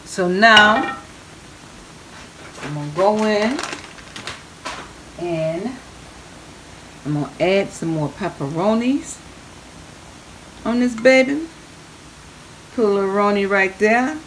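A woman's voice: medium pitch, expressive, takes it slowly, long pauses. A woman cooking on camera in a playful style, drawing out her "oh yeah"s and calling her viewers babies. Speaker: cooking vlogger. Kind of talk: cooking demo with chatter. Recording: noisy home kitchen recording.

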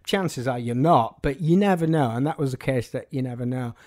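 A man's voice: mid-range voice, a little fast, darkish tone. A man, a music journalist telling anecdotes in an interview, with a dry, wry humour.

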